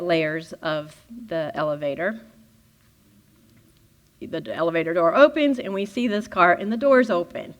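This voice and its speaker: A woman giving a spiritual teaching talk, animated and laughing often as she acts out little scenes. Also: lowish voice. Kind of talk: playful teaching talk with acted-out inner dialogue.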